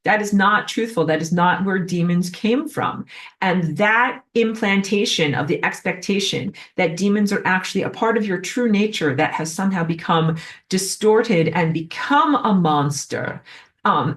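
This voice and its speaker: A woman's voice: on the low side, recorded from a distance. A woman giving a rambling spiritual lesson, digressing often with fillers and acted-out asides. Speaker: spiritual teacher.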